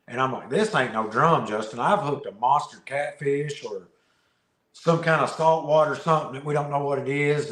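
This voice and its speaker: A man guesting on a podcast, telling a fishing story in a casual, animated way, often laughing and repeating words. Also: mid-range voice. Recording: roomy echo.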